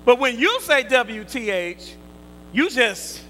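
A man preaching a sermon, quizzing his listeners in call and response, swinging from loud emphatic bursts to quiet asides. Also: extremely high pitch, very animated, takes it slowly, slight background noise, poor audio.

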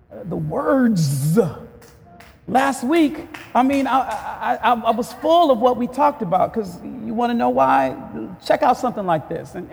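High-voiced preaching pastor in a reverberant hall. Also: male voice, vocal fry. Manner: builds from quiet conversational talk to shouted call-and-response preaching; asks rhetorical questions to the congregation. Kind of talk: sermon.

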